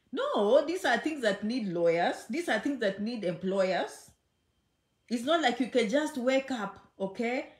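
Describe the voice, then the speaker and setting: Woman vlogger, emphatic and teasing, slightly high voice, roomy echo. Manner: chatty and emphatic, repeats phrases, teasing. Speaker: immigration vlogger. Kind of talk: casual direct-to-camera talk. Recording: echoey room.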